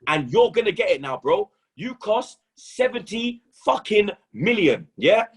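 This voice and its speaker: A young man, a football pundit who talks in loud, animated street slang and keeps saying "blood" and "you understand". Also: sits high, a little slow, husky. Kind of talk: casual football banter.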